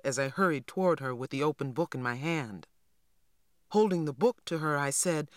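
A woman narrating an audiobook in a measured, even reading. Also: low voice, no echo, clean studio sound. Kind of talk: scripted narration.

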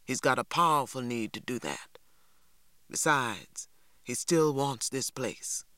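A man voicing a stern, weary farmer father who speaks low, quiet and clipped. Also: slow, no echo. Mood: grim.

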